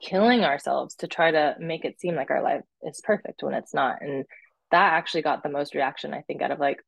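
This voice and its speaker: A young woman tells stories in casual conversation, peppering her speech with "like" and acting out quotes. Her low voice is creaky and husky, a little fast, with no echo.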